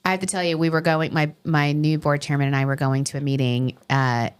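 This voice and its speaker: A middle-aged woman with a New York accent, hosting a podcast as a casual chat and telling animated stories. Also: low voice, brisk, clear, resonant tone. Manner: animated storyteller, quotes people in voices. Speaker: podcast host.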